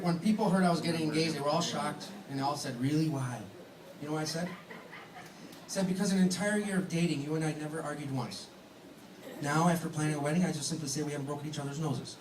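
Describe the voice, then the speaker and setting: In a big banquet hall, a groom with a voice on the high side jokes, teases and laughs his way through a wedding speech. He was recorded from a distance, so the sound is echoey and carries background noise.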